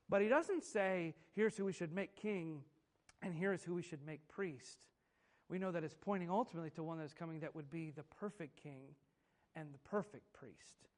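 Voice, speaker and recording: A man's voice: a little high, normal speed. A man preaching a sermon, emphatic and repetitive, asking rhetorical questions of his listeners. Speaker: pastor.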